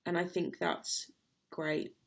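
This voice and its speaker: A woman's voice: fairly low pitch, little pitch movement, slow pace, gravelly. A young woman, casually chatting on a livestream and reading out viewer comments, laughing readily. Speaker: livestream host.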